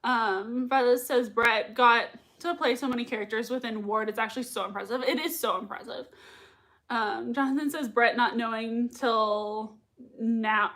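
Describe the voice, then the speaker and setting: A woman's voice: on the high side, fairly even intonation, moderate pace, fairly bright tone. A young woman hosting a live reaction stream, chatting casually as she reads out viewer comments, gushing and laughing often, with lots of fillers. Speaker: livestream reaction host.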